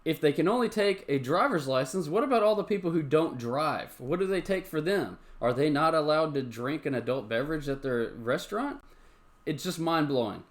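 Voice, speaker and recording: A man's voice: fairly high pitch, lively intonation, normal speed. Male live-stream host, chatty ranter, loose and repetitive. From Tennessee. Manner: chatty, ranting, repeats himself. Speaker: show host. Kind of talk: live-stream chat show.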